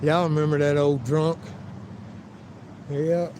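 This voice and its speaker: A man with a slightly high voice, live-streaming from his phone as he walks outdoors. He rambles from story to story, swears freely, and acts out the people he talks about. Traffic and street noise are loud behind him. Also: normal speed. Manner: profane, rambling storyteller who acts out quotes. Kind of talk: casual live-stream vlog, walking outdoors. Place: outdoors by a river and town streets.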